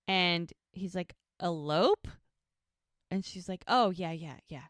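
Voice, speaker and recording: A woman's voice: fairly low pitch, unhurried, no room sound, studio quality. A woman co-hosting a podcast, recapping a TV episode casually and retelling scenes through quoted dialogue. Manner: retells scenes by quoting characters. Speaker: podcast co-host.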